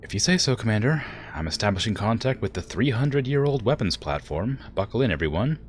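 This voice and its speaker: A man voicing a young woman starship pilot with a wry, casual manner, pitched up from his own voice. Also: sing-song, brisk, soft background music. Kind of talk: reading game dialogue aloud.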